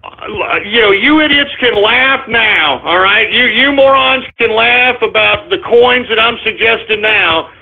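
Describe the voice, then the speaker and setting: A man's voice: high voice, expressive, measured pace, gravelly. A male talk radio host reading out listener names and ranting, abrasive and sarcastic, throwing insults at his audience. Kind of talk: live internet radio shout-outs and rant. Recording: tinny phone-like sound.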